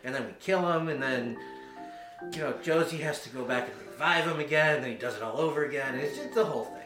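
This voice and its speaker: A man's voice: fairly high pitch, fast, voice pushed up, close to an everyday voice. A game master voicing a tiny cheerful goblin girl, chirpy and blunt about violence. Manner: chirpy, bouncy, matter-of-fact about violence. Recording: roomy sound with loud guitar music.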